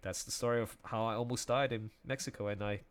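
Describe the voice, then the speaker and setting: A young man telling a personal story in casual conversation, animated, often laughing and restarting his sentences. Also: on the low side, fast talker.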